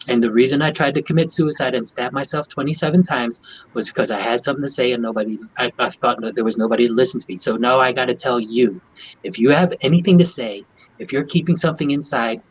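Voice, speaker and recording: A man voicing a grateful older male patient just waking from surgery, speaking in a high, loud, husky voice. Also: close to an everyday voice, rough recording.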